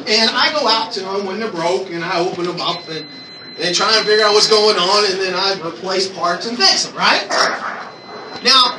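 A man with a very high voice tells a personal testimony to a church gathering, animated and acting out his own prayers. He is picked up from a distance in an echoey room, with clear ambient noise behind him. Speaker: church speaker sharing a testimony.

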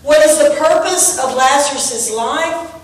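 A woman preaching a sermon in church, telling a story and rising to shouts on key points. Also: sits high, unhurried, slight background noise. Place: church sanctuary. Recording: echoey room from far off.

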